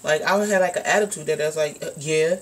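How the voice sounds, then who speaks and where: A woman's voice: low voice, fast. A young woman vlogger telling a personal story in a casual, rambling way, full of "like" and "um". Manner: rambling, candid, lots of "like" and "um".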